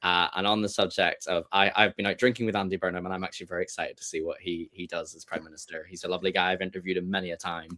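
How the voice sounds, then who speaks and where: A British man on a casual podcast, ranting in an animated way. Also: deep voice, rapid-fire, hardly any pauses. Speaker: podcast guest. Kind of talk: casual chat.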